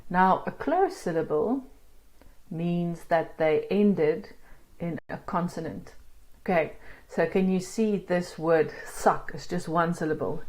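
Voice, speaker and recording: Slow-paced patient woman teacher. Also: lowish voice, darkish tone. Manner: patient, explains step by step. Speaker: Afrikaans teacher. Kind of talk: online language lesson.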